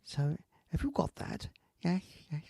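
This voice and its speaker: Gravelly older man hosting. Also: a little high, sing-song, unhurried, darkish tone. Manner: rambling, salty, chuckling. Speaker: host of a live online talk show. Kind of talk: casual live-stream chat and joke telling.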